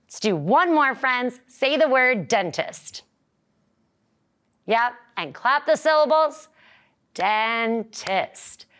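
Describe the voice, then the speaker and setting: A woman teacher leading a children's lesson, singing and cheering in a bright, encouraging, sing-song voice. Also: high voice, animated, slow.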